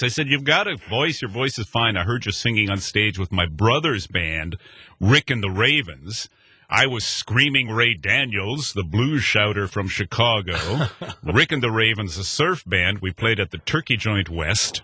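An older man, a guest telling an animated story who acts out dialogue and scats rhythms aloud. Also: on the low side, moderate pace, slightly rough, no room sound.

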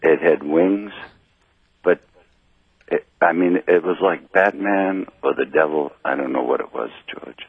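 A slightly drunk man calling in to a radio show, telling a long story in a rambling, halting way over a phone line. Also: a bass voice, slightly rough, no room sound. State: a little drunk. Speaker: caller. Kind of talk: call-in radio chat.

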